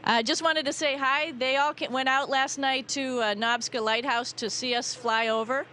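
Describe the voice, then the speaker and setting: A woman astronaut with a Boston accent, chatting in a relaxed way with many fillers during a live interview from the space station. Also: high voice, normal speed, slight background noise. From New England, USA. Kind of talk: live downlink interview answers.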